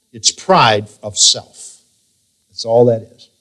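Emphatic preaching man, slow cadence. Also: medium pitch, fairly bright tone. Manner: emphatic preaching, slow drawn-out scripture reading. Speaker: pastor. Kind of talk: sermon.

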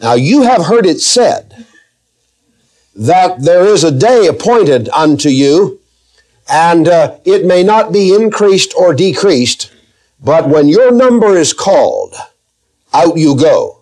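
A man preaching a verse-by-verse Bible teaching sermon, emphatic, slowing down to read scripture aloud and asking the congregation questions. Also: fairly high pitch, sing-song, darkish tone.

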